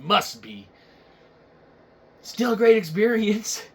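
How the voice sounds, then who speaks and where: A man's voice: high voice, big pitch swings, slow, slightly rough. A man hosting a comedy show, ranting crudely and rambling with lots of swearing. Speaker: show host. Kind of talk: profane comedic rant.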